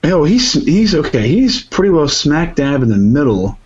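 A man's voice: on the high side, sing-song, moderate pace, a little mellow, slightly rough, highs cut off. Rambling male podcast co-host. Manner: rambling, laughs easily. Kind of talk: casual podcast chat.

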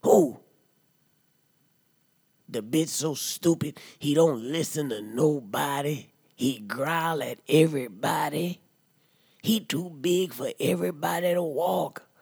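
A man playing a rowdy, profane drunk uncle in a comedy monologue, ranting loudly and then dropping to low mutters. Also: a little slow, creaky, husky, no echo, clean studio sound, exaggerated voice. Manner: loud profane rant, swings to low mutters. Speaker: comedy podcast character.

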